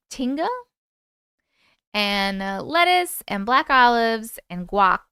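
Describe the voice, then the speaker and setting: A woman's voice: medium pitch, sharp tone, smooth, no room sound, clean studio sound. A woman with a New York accent hosting a live stream, greeting chatters by name in a chatty, playful way. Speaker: livestream host. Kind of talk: casual live-stream chat.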